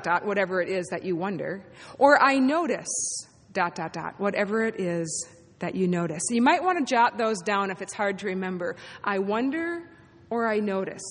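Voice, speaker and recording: A woman's voice: fairly high pitch, fairly bright tone, slightly rough. A woman pastor preaching a sermon to her congregation, in an encouraging, playful manner. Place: church sanctuary. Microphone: amplified sanctuary mic. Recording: long hall reverb in a sanctuary.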